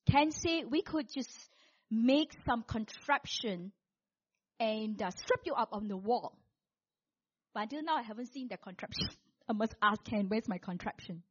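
A woman with a high voice preaches a sermon, animatedly recounting a personal story and acting out what people said. Her volume swings widely between loud and soft, and the audio sounds dull.

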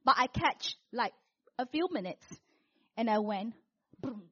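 A woman preaching a sermon, telling a personal story in an animated way and acting out what people said, with big swings between loud and soft. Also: fairly high pitch, measured pace, lo-fi sound.

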